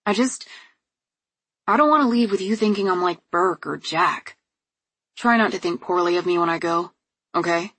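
A woman's voice: lowish voice, normal speed, pauses often, a bit bright, breathy edge, no room sound. A woman reading the lines of an earnest, vulnerable young man in an audiobook.

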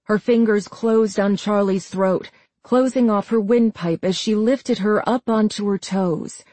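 A woman reading a suspenseful story aloud in a measured, tense storytelling manner. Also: mid-range voice, mellow, dry recording. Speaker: narrator. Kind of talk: scripted audiobook narration.

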